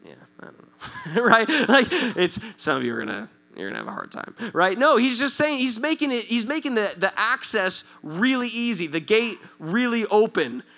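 Man, pastor, high bright voice, swoops up and down, jokes and laughs through a chatty sermon. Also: moderate pace. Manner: lively, joking, laughs often, addresses the audience directly; repeats and restarts words when excited. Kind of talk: conversational sermon.

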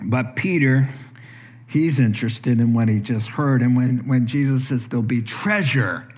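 A man preaching a sermon, telling the story in a lively way and acting out the dialogue. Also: mid-range voice, moderate pace. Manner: animated storytelling, acts out dialogue. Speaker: pastor. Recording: dull lo-fi sound.

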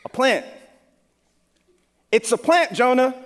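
Man playing a patient, teasing deity, high voice, long reverb. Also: expressive, slow, full character voice. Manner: gently teasing, reasoning.

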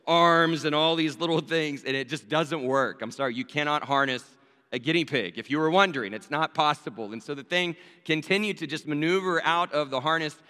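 A man's voice: a little high, fairly quick, sharp tone, clear, resonant tone. Man preaching in a reverberant hall. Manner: conversational, addresses listeners directly with rhetorical "right?". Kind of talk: storytelling sermon.

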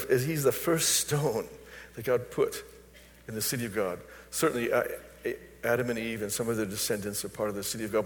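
An older man, a pastor, preaching a sermon and telling personal stories to his congregation. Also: mid-range voice. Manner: storytelling, personal anecdotes. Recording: long reverb of a large hall.

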